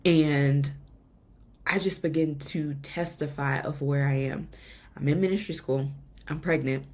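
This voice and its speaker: A woman's voice: sits low, fairly even intonation, normal speed, a little mellow, slightly rough. A woman podcast host giving an earnest, emotional personal faith testimony, laughing now and then between lines.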